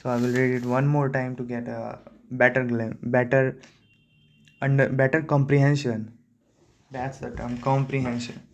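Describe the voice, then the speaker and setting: A young man, reading a newspaper editorial aloud slowly and correcting himself often. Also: mid-range voice, level tone, gravelly, a little hiss or hum. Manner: slow, deliberate reading with frequent self-corrections. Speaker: student practicing reading.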